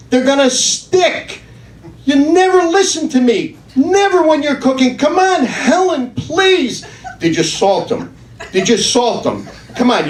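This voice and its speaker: A man playing a panicky, nagging older husband who fusses and repeats himself. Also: heavily acted. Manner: frantic, shrill, repeating himself. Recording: echoey room, distant mic, noisy.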